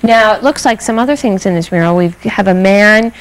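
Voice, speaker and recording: A woman's voice: mid-range voice, brisk, poor audio. A woman hosting a museum education program, upbeat and affirming, asking a guest questions. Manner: upbeat, affirming with frequent mm-hmms.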